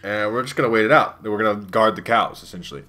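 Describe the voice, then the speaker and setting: A man's voice: on the low side, quick pace, sharp tone. A young man casually commenting over his own gameplay, loose and profane, rambling with lots of fillers. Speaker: gaming youtuber. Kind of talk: let's play commentary.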